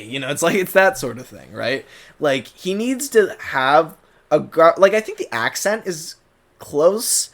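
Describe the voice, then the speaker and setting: A man giving a casual, rambling fan commentary, full of fillers and restarts, animated, now and then breaking into character voices. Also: a little high, moderate pace, gravelly. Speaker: channel host, fan commentator.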